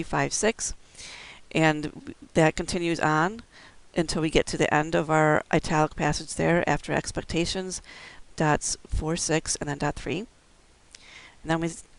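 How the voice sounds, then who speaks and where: A man's voice: on the high side, gravelly, smooth, no echo, low-quality recording. A man giving a recorded instructional lecture, explaining things step by step with occasional fillers. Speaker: braille instructor.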